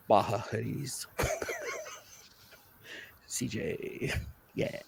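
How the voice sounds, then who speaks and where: A man co-hosting a casual live stream, animated and quick to laugh as he banters. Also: fairly high pitch, slightly rough. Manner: animated, laughs often, excitable. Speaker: co-host.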